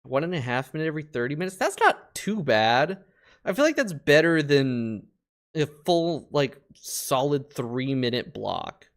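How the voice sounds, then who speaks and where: A man streaming a space game, talking casually over his play, swearing a lot and getting loudly frustrated. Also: a little high, big pitch swings, a little slow. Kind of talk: casual live-stream gameplay commentary.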